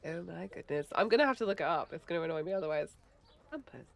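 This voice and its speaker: A woman's voice: lowish voice, expressive, rapid-fire. Giggly woman streaming a game. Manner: chatty, giggly, swearing. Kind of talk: casual livestream chat while gaming.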